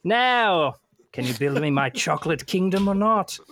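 A man's voice: high voice, sing-song, a little slow, a bit bright, full character voice. A man improvising a pompous Indian prince who speaks in a put-on posh British accent, haughty and theatrical, often cracking up. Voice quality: theatrical, haughty, breaks into laughter. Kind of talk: improv comedy role-play.

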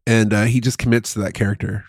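A man's voice: on the low side, little pitch movement, fast, slightly rough, no echo, studio quality. A man co-hosting a casual chat, joking and sliding into comic bits that he repeats. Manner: jokey, goes into comic bits and repeats them. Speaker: podcast co-host.

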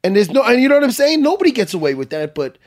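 A middle-aged man telling a story in casual chat, animated and profane, with a husky voice. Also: extremely high pitch, very fast.

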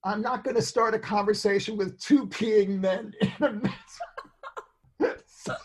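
Brief: man, 60s, from New York, lively anecdotal interview guest, slightly higher voice. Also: husky. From New York, USA. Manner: animated, acts out his own thoughts in quick asides. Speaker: interview guest, songwriter and producer. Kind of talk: conversational storytelling.

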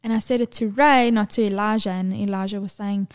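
A woman, co-hosting a podcast and telling lively, sweary stories about her toddler. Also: mid-range voice, brisk, clean tone. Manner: animated storyteller, swears freely, mimics her toddler's voice. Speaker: podcast co-host. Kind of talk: casual podcast chat.

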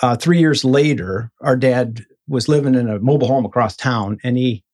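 A man in an interview telling his own story in a casual, animated way, acting out the voices of people he quotes. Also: moderate pace. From Michigan. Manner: animated, acts out quoted voices with sudden high bursts.

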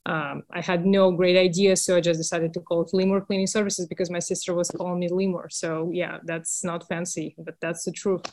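Imagine a woman from Russia who is a guest on a podcast, speaking English with a Russian accent. Her voice is fairly low, and she talks earnestly and openly, pausing now and then. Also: flat delivery, a little mellow. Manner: earnest, candid, slightly hesitant. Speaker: cleaning business owner, guest. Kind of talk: podcast interview.

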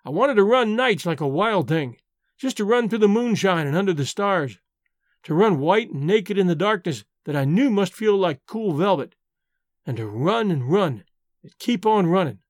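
Frontier woman talking plain and folksy, dreamy, higher voice, dry , read by a man. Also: animated, normal speed, no echo. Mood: wistful. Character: frontier-born woman chief, wistful and poetic. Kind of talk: audiobook reading.

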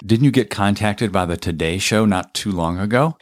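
A man's voice: on the low side, moderate pace, no echo, clean studio sound. A man hosting an interview, encouraging and affirming his guest. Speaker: host.

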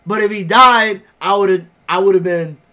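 A young man co-hosting a casual chat, animated and profane, acting out his own reactions as he tells stories. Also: sits high, a little slow. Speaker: podcast co-host.

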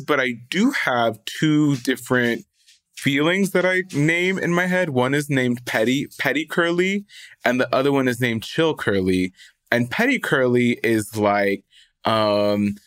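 Playful man, lively casual co-host. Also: medium pitch, no room sound, clean studio sound. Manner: playful, acts out scenarios with sound effects. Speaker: podcast co-host. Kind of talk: casual chat.

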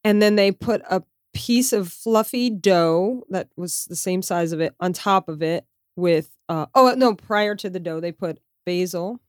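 A woman chatting casually about a trip, telling stories in a lively, animated way. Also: lowish voice, a little slow, few pauses, smooth, no room sound, studio quality. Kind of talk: casual travel chat.

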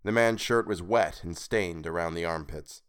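A man narrating a weird tale in a measured, expressive reading. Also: low-pitched, clear, resonant tone. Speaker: podcast reader. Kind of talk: scripted story narration.

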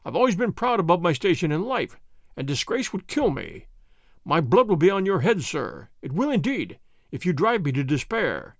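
A man reading the part of a proud, disgraced butler who pleads in a voice hoarse with emotion. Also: high voice, sing-song, normal speed, dry recording, clean studio sound, exaggerated voice. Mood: pleading. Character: proud, desperate male butler in middle age. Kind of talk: dramatic story reading.

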